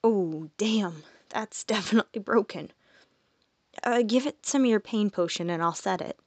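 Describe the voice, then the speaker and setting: A woman's voice: medium pitch, moderate pace, no echo, natural voice. A woman voicing a young man who speaks plainly and matter-of-factly, close to her own voice. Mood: doubtful. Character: skeptical young human man.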